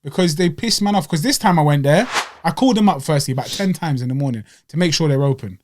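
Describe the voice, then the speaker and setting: A young man, telling stories in an animated, slangy way as a podcast co-host. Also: fairly high pitch, fast, slight background noise. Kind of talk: casual chat.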